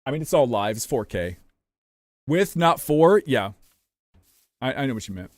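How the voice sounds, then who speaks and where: A man's voice: medium pitch, big pitch swings, normal speed, dry recording. A young man from the United States, a streamer rambling casually to his chat while gaming, loose and profane.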